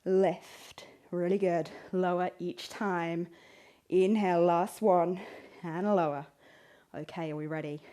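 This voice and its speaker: A woman's voice: on the low side, fairly even intonation, slow pace, dark tone. A woman teaching a yoga class, calling out poses, breaths and counts in an encouraging way. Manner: encouraging, counts reps aloud. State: out of breath at times. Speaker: yoga instructor. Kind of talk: guided yoga class cues.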